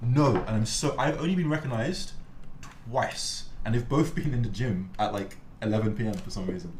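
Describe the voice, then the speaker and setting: A man's voice: on the low side, moderate pace. A young man hosting, casually telling stories and acting out the people in them. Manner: animated storyteller, acts out voices. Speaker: host. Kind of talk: casual chat. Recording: echoey room, faint background noise.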